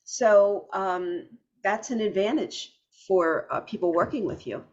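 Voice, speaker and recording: A woman's voice: medium pitch, unhurried. Affirming woman host, dull lo-fi sound. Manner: affirming, steady, reflective. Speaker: podcast host. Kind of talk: conversational interview.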